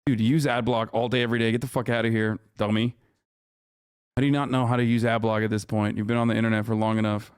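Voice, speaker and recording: A man's voice: lowish voice, little pitch movement, fast, smooth, no room sound, clean studio sound. A man in his thirties streaming live, ranting and mocking his chat with lots of profanity, combative and sarcastic. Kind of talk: live stream reaction rant.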